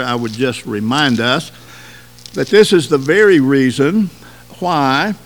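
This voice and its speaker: A man preaching a sermon, pausing often and stressing words slowly. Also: medium pitch. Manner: deliberate preaching with slow emphatic pauses. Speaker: pastor.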